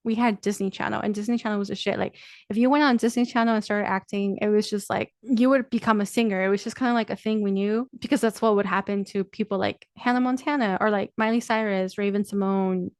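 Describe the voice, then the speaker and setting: A woman's voice: medium pitch, fairly even intonation, quick pace, no echo. A young woman speaks to her listeners in a loose, confiding monologue, peppered with 'like' and casual swearing. Her voice sits in an ordinary middle range. The sound is dry and close, with no room around it. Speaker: podcast host. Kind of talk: candid personal monologue.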